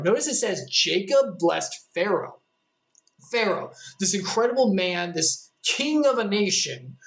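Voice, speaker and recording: Brief: casual streamer doing a devotional reading, middling pitch, chatty asides. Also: low-quality recording. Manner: conversational, joking asides, many "like" fillers. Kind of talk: casual Bible reading with commentary.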